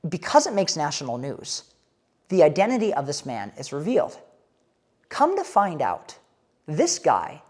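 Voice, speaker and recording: Woman, deep voice, casual storytelling, candid, irreverent, animated.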